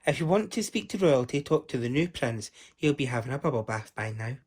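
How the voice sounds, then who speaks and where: A man's voice: expressive, brisk, darkish tone, husky. A man reading aloud and voicing a bossy, mischievous young girl with a sweet, giggly manner. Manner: sweet, giggly, shrill when screaming.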